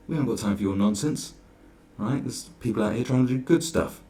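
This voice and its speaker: A man's voice: medium pitch, brisk, mellow. A man ranting sarcastically through a reaction commentary, exasperated and swearing freely. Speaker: commentary vlogger.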